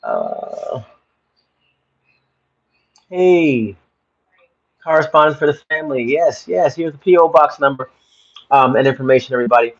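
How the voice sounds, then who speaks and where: A man's voice: mid-range voice, very animated, a little slow, long pauses. A man hosting a casual livestream from his phone at home, chatting to viewers in a rambling way and repeating himself. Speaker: livestream host. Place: home room. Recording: slightly dull phone audio.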